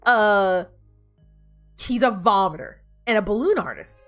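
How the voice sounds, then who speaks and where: A woman's voice: medium pitch, lively intonation, slow, long pauses, soft background music. A woman streamer chatting casually while playing, rambling and bossing her game characters around. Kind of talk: casual gameplay chat.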